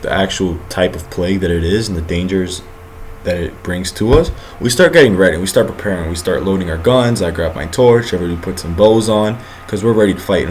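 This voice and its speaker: A young man narrating a student project video in a casual, energetic storytelling way. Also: sits low, slight background noise. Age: young adult. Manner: energetic storytelling, acts out the others' lines.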